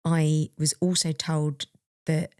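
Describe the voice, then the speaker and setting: A woman's voice: deep voice, little pitch movement, takes it slowly, a little mellow, dry recording, studio quality. A young adult woman co-hosting a podcast, candidly and reflectively telling a personal story and laughing now and then. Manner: open, reflective, laughs while recalling. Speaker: podcast co-host.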